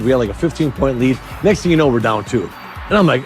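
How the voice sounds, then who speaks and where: A man's voice: mid-range voice, quick pace, faint music behind. A former player telling a folksy, emphatic story about a teammate, dropping "man" often. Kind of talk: anecdote in a talk show.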